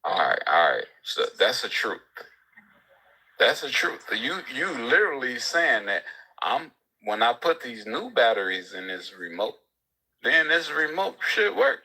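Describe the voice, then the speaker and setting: Bright-voiced man arguing by analogy. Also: mid-range voice, very animated, a little slow, husky, rough recording. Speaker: guest. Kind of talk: casual debate on a live stream.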